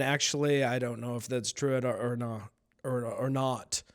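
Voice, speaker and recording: Dude doing a casual solo podcast, crude jokes, goes loud then mumbles, mid-pitch voice. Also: male voice, fairly even intonation, normal speed. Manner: rambling, crude, jokey, swings between loud outbursts and muttering. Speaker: podcast host.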